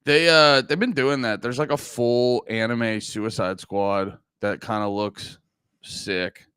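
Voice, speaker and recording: A man's voice: medium pitch, fairly even intonation, slow pace, fairly bright tone, smooth, no echo, clean studio sound. A man streaming live, chatting casually and brashly teasing his viewers, swearing often. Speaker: livestreamer. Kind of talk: casual livestream chat. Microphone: close desk mic.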